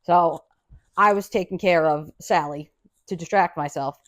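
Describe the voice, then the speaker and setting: A woman's voice: low-pitched, normal speed. A woman hosting a podcast, telling a story in a casual, profane way and acting out the people in it. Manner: animated, profane, acts out quoted dialogue. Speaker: podcast host.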